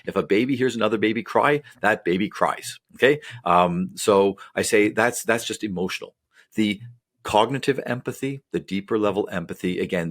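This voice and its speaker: A man's voice: fairly low pitch, a bit bright. A man, a psychologist co-hosting a podcast, explaining in a casual, rambling way with many fillers and tangents.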